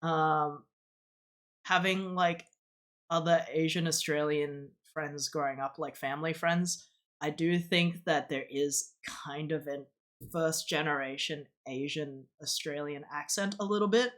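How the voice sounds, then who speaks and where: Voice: medium pitch, fairly even intonation, measured pace, a bit bright. A streamer chatting casually and rambling, with many fillers and restarts. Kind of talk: casual chat on a live stream.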